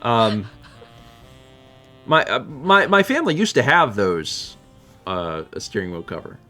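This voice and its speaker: A man's voice: mid-range voice, sing-song, a little slow, sharp tone, faint music behind. A man streaming a video game, chatting casually and rambling with frequent self-corrections. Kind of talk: casual gameplay chat.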